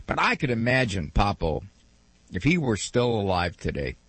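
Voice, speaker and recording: A man's voice: on the low side, very animated, normal speed, fairly bright tone, husky, no echo. A man hosting a call-in radio show in a playful, teasing manner.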